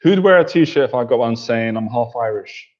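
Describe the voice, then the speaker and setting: A man's voice: mid-range voice, expressive, normal speed, a little mellow, highs cut off. Giggly man on a livestream. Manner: giggly, keeps cracking up laughing. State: tired. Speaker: livestream host and coach. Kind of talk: casual livestream chat reading viewer comments.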